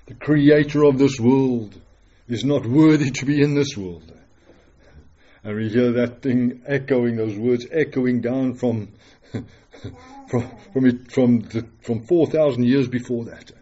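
A man preaching a dramatic, earnest sermon full of rhetorical questions, swinging between loud declarations and hushed words. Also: medium pitch, slow pace, lo-fi sound.

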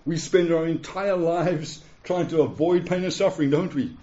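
A man's voice: on the high side, normal speed, dark tone. Earnest preacher man, dull lo-fi sound. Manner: earnest, pleading, often asks "yeah?" of listeners. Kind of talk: sermon. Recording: dull lo-fi recording.

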